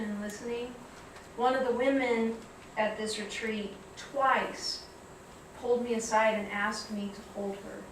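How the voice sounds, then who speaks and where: A woman with a slightly high voice gives a reflective, measured public talk, moving easily into storytelling. She is heard from a distance in a very echoey hall, with faint room noise behind her. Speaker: guest speaker. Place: lecture hall.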